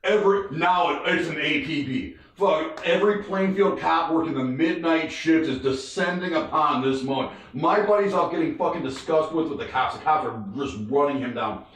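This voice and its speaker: A man's voice: fairly high pitch, normal speed, few pauses. A young man, a stand-up comic, telling a wild story on a podcast, casual and profane, acting out the people in it. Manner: animated, profane, acts out voices. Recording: echoey room, distant mic.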